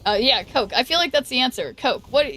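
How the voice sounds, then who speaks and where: A woman streamer chatting casually while she plays a card game, thinking aloud and greeting viewers, with a voice that is going hoarse. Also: high voice, lively intonation, fairly quick, sharp tone. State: losing her voice. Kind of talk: casual gameplay commentary.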